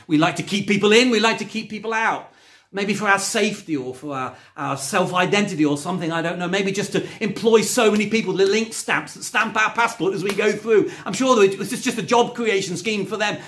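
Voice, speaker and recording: Recorded at home during lockdown, a man with a high, fairly bright voice preaches a sermon. He is emphatic, rising on key words, and mixes in conversational asides.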